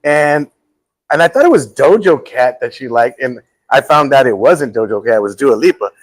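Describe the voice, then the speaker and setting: A man's voice: medium pitch, normal speed, no echo. Jokey middle-aged male host, dry sound. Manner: jokey, animated, repeats words. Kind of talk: casual live show chat.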